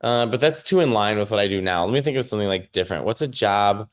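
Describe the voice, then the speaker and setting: A man's voice: on the low side, expressive, fast talker. A man with a Chicago accent, a comedian talking casually in an interview from home over a remote call, rambling with lots of fillers and restarts. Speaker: stand-up comedian, guest.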